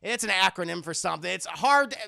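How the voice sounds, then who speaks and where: Excitable gravelly-voiced male streamer. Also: sits high, brisk. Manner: excitable, crude, talks to chat. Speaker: streamer reviewing a cartoon. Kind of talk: casual scene-by-scene recap to a live chat.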